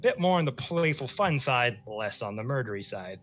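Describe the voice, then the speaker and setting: A man narrating a tabletop game as dungeon master, describing scenes in slow, descriptive narration. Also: medium pitch, expressive, muffled recording, a little hiss or hum.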